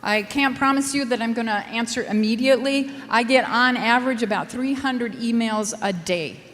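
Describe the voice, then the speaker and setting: Higher-voiced woman with a Minnesota accent, lecturing with wry, emphatic rhetorical questions, recorded with long reverb. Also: moderate pace, a bit bright. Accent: Minnesota with a Scandinavian lilt. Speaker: soil scientist giving a lecture. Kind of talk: conference lecture.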